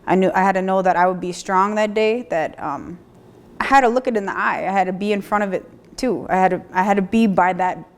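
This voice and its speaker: Woman, thirties, personal recovery testimony, candid, halting restarts, mid-pitched voice. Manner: halting, with restarts and repeated phrases; plainspoken, occasional mild swearing. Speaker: person sharing a recovery story.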